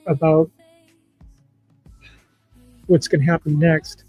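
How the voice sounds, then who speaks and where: A man hosting a livestream in casual chat, talking in an emotional, halting, heartfelt way. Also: a little high, steady tone, muffled recording, soft background music. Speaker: livestream host.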